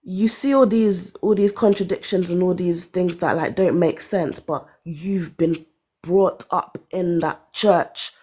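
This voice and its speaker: A woman in her thirties telling her own story in casual chat, candid and animated, with sighs and laughs. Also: lowish voice, measured pace, husky. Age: 30s. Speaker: caller.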